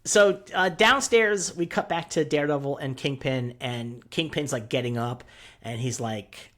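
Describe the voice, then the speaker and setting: A man co-hosting a casual TV recap podcast, talking in an animated way, swearing freely and leaning on fillers. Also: mid-range voice, moderate pace. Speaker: podcast co-host.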